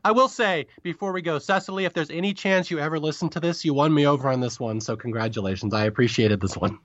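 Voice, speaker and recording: A man co-hosting a podcast, chatting casually and quickly about a comedy episode, often correcting himself mid-sentence. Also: fairly high pitch, fairly bright tone, no room sound, muffled recording. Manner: rapid, chatty, self-correcting. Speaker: podcast co-host. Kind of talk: casual review chat.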